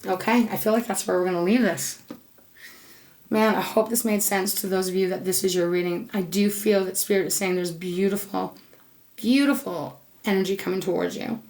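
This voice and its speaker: A woman's voice: mid-range voice, steady tone, moderate pace, a little mellow. A woman giving a tarot reading to her viewers, emotional and affectionate, gushing and repeating her words. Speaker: tarot reader.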